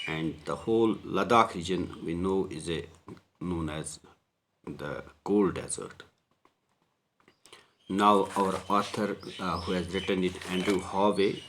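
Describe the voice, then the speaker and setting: A man's voice: low voice, a bit bright, slight background noise. A man teaching a textbook lesson, restating each phrase in simpler words with frequent hesitations. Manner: repetitive, paraphrasing, frequent hesitations.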